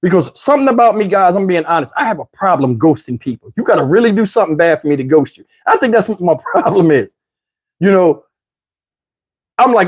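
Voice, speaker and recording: A middle-aged man vlogger telling a story to camera in a casual, animated way, with slang, swearing and laughter. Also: high voice, brisk, slightly rough.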